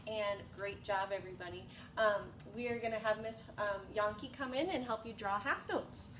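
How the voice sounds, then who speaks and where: A woman's voice: mid-range voice, normal speed, a bit bright. Patient woman music teacher, echoey room. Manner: patient, encouraging, sings examples. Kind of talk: elementary music lesson. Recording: echoey room, distant mic, noisy.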